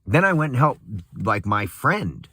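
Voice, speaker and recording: A man's voice: mid-range voice, big pitch swings, measured pace, bright, forceful tone, husky. A young man in a casual, angry, profane rant, laughing bitterly and swinging between muttering and a raised voice.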